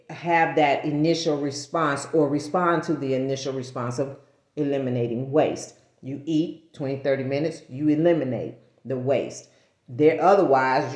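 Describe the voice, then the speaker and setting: Her voice is very deep with a darkish tone as she vlogs casually straight to the camera in an echoey room. She wanders off topic, fixes her own words, and chuckles whenever she trips up.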